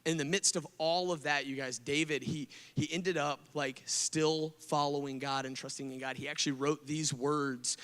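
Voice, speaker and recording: A man preaching a casual youth sermon to students, telling the story in an animated way full of "like" and "right?". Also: fairly high pitch, normal speed, hardly any pauses. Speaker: speaker at a student event. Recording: long hall reverb.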